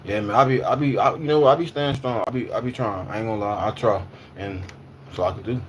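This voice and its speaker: A man's voice: on the low side, fast, dull audio, a little hiss or hum. Loose, slangy man livestreaming. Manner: loose, repetitive, slangy, answers chat. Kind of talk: casual livestream chat.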